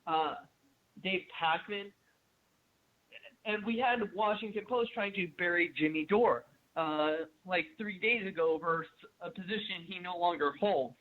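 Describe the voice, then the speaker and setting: Agitated male caller on a tinny phone line. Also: high voice. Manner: agitated, profane, halting with many fillers. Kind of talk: ranting call-in comment.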